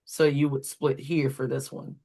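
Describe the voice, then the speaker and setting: A woman's voice: very deep voice, level tone, moderate pace, gravelly, mellow. A woman walking through reading correction steps as a tutor trainer, explaining step by step with fillers while pointing at examples. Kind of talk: instructional walkthrough.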